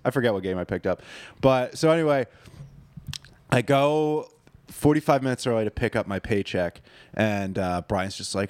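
A man's voice: on the low side, moderate pace, a little mellow, no room sound. A man in his twenties, a podcast co-host, telling a workplace story in casual, profane chat.

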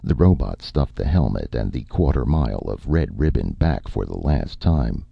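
A man reads a story aloud with steady, measured narration. His voice is very deep, gravelly and husky, and it moves lively through its range. The dry recording sounds dull and muffled. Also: dry recording. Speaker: audiobook narrator. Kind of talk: scripted narration.

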